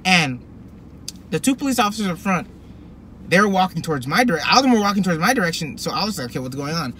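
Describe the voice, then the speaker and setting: A young man telling a personal story to camera in a rambling, animated way, full of fillers and restarts. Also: high-pitched, fast, slight background noise. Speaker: vlogger. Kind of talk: casual storytelling.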